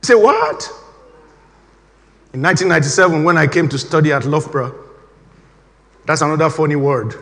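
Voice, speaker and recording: Middle-aged man, high voice, animated repetitive sermon delivery. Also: quick pace, long pauses. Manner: animated, emphatic, repeats key phrases. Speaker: preacher. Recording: reverberant hall.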